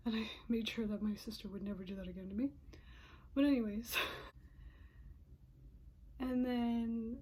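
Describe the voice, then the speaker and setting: A woman in her twenties with a warm, somewhat high voice tells her viewers a personal story casually and emotionally. She often drops into whispered asides, with frequent sighs and breathy pauses.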